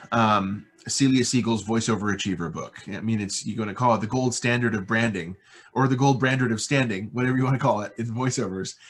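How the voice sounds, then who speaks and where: American male VO talent, husky voice, energetic, rambling interview chat. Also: mid-range voice. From United States. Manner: enthusiastic, rambling with fillers. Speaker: voice-over artist guest.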